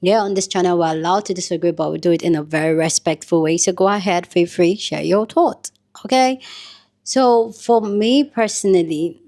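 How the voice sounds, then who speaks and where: A woman's voice: fairly low pitch, moderate pace, few pauses, dark tone. A young woman with a Nigerian accent, talking casually to her viewers in a commentary vlog. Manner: chatty, addresses viewers directly. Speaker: vlogger.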